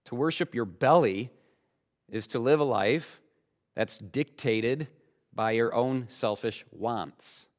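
A man's voice: medium pitch, slow pace. Emphatic man preaching a sermon. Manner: emphatic, rhetorical questions to the congregation. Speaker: pastor.

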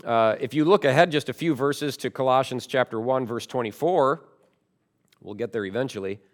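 A man's voice: medium pitch, moderate pace. Emphatic male preacher. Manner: emphatic, swings between loud stresses and quiet asides. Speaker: pastor. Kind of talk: sermon.

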